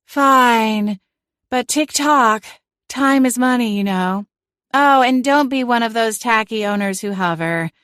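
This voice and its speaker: A vain, imperious talking cat, as a woman narrator voices her in a cozy audiobook. She speaks higher than the narrator, sharp-tongued and bossy. The recording is dry and close. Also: slow pace, no room sound. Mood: airy put-on. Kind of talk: audiobook character voice.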